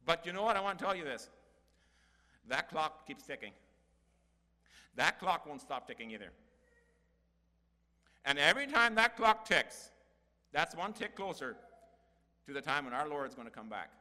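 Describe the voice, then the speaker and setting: A man's voice: fairly high pitch, big pitch swings, moderate pace, long pauses, sharp tone. An older man preaching a sermon in a church hall, earnest and folksy, building to emphatic peaks.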